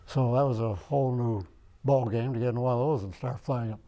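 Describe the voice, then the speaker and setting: A man's voice: medium pitch, a little fast, warm tone. An older man from Michigan, an interviewee in an oral history interview, rambling and searching his memory aloud. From Michigan, United States. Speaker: veteran interviewee.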